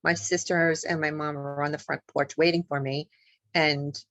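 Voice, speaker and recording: A woman's voice: low voice, flat delivery, moderate pace, a bit bright, dry recording, poor audio. A woman guest, an author and paranormal investigator, telling a personal story in an interview with vivid, emotional delivery and acted-out lines. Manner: vivid, emotional storytelling, acts out what people said.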